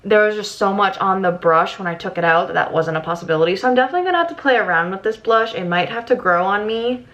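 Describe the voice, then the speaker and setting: A young woman talks through her makeup in a casual, chatty way, often giggling and getting excited. Her voice sits at an ordinary pitch for a woman. The sound is a little dull and lo-fi, as if caught on a camera mic at home. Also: quick pace, few pauses. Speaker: beauty vlogger. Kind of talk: casual makeup tutorial chat. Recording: slightly dull lo-fi audio.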